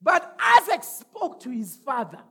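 A male pastor preaching an energetic sermon, shouting lines for the congregation to repeat and whooping. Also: very high voice, a little slow, vocal fry.

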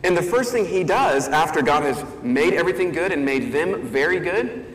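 A man's voice: a little high, expressive, moderate pace. A male pastor giving a conversational sermon, thinking aloud with fillers and restarts. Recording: echoey hall, faint ambience.

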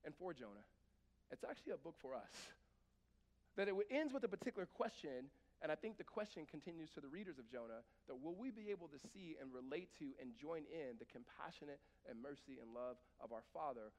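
A man with a high voice preaches a sermon, talking to the congregation like a conversation and breaking into emphatic bursts. His voice rings with the long reverb of a large hall. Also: darkish tone. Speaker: pastor.

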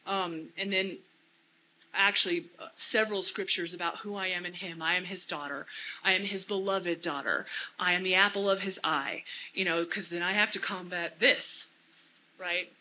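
A woman's voice: on the low side, steady tone, moderate pace, sharp tone, slight background noise, rough recording. A woman giving an earnest church talk, often repeating phrases for emphasis. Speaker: church speaker. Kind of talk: casual teaching talk.

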